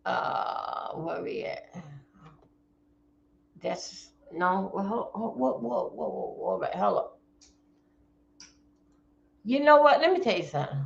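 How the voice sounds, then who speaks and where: A woman livestreamer talking casually and excitably as she rambles and keeps breaking in with interjections. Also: mid-range voice, slow pace, gravelly, pauses often. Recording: echoey, dull lo-fi room mic.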